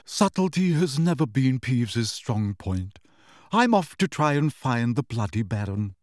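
A man's voice: mid-range voice, big pitch swings, a little slow, dry recording, studio quality. A man voicing a bored, genteel male ghost from an audiobook story, speaking in a polite, languid and weary way.

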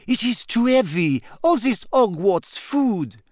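A man's voice: high-pitched, sing-song, takes it slowly, a little mellow, slight background noise, voice pushed up, heavily acted. A man reading aloud voices a vain, haughty young woman, sulky and fussy. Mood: grumpy. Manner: sulky, complaining. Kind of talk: audiobook character voice.

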